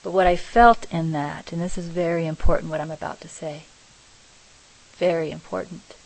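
A middle-aged woman giving a reflective spiritual talk, speaking slowly and softly with many pauses. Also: low voice, fairly even intonation, vocal fry, rough recording. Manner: slow, soft, pausing and searching for words. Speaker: spiritual teacher.

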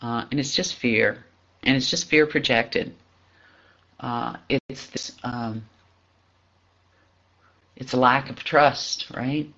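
Guy doing a slow spiritual reflection, lots of pauses and little laughs, muffled lo-fi sound. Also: mid-range voice, steady tone. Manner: halting, searching, with soft laughs and frequent pauses. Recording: dull lo-fi recording.

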